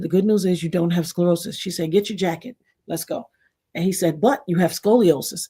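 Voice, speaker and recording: A middle-aged woman from New York hosting a casual livestream, telling personal stories in an animated way, acting out quotes and thanking her chat. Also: on the low side, slightly rough. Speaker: livestream host.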